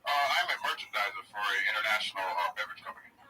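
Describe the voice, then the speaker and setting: A man's voice: fairly low pitch, animated, fast talker. A man being interviewed as a guest, talking casually and swearing, recorded on a distant mic with background noise. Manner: casual, laid-back, profane.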